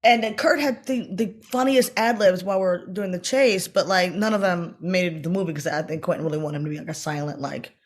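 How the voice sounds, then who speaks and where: Middle-aged woman guest on an interview, giggly, loud acted-out quotes, chatty storyteller. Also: on the low side, brisk, hardly any pauses. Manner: laughing, acts out quotes loudly. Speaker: actress guest.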